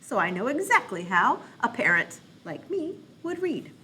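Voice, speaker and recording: Woman, children's librarian, clear and bright tone, silly and encouraging, faint background noise. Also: fairly high pitch, very animated, moderate pace. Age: adult parent. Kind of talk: playful read-aloud program for kids.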